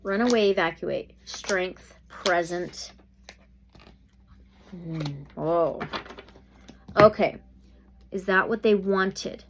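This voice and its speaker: A woman's voice: fairly low pitch, drawn-out words, long pauses, background noise. A woman doing a tarot reading, thinking aloud and often exclaiming. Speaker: tarot reader.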